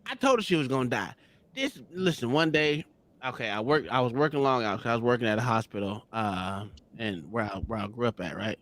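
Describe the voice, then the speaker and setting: Loud, animated man telling crude stories. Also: medium pitch, fairly quick. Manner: loud, profane, laughing through stories. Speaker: podcast host. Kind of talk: casual crude storytelling.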